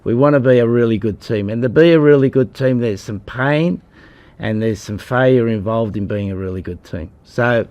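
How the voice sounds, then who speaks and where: A man's voice: mid-range voice, normal speed, darkish tone, muffled recording. A man in his sixties from Australia, a rugby head coach answering at a press conference in a blunt, combative way, calling people mate.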